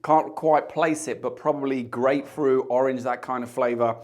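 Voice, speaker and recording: A man's voice: medium pitch, steady tone, moderate pace. Chatty man hosting a cocktail tasting. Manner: chatty, jokey asides. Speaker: bartender host. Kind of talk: casual tasting chat to camera.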